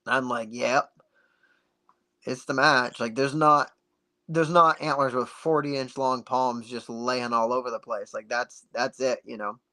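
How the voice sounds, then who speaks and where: A man guest on a podcast, telling a story in a casual, animated way and acting out the dialogue. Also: mid-range voice, unhurried. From United States. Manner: animated, acts out dialogue with many "like"s.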